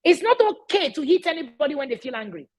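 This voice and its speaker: A woman's voice: high-pitched, sing-song, fast talker, rough recording. A middle-aged woman, speaking casually to parents. She is emphatic, repeats key phrases and often checks in with "all right?". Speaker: parenting educator.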